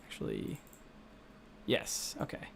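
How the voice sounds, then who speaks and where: A man's voice: slow pace, a bit bright, slight background noise. A young man from the Midwestern United States, chatting casually with viewers as he codes on a live stream, rambling and correcting himself as he goes. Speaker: game developer streaming live. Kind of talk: casual live-stream chat while coding.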